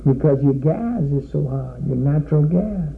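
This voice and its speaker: Gravelly-voiced plain-spoken farmer man. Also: a little high, lively intonation, moderate pace, dark tone, slight background noise, low-quality recording. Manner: plain-spoken, repeats words while explaining. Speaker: sugar cane farmer. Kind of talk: casual interview answers.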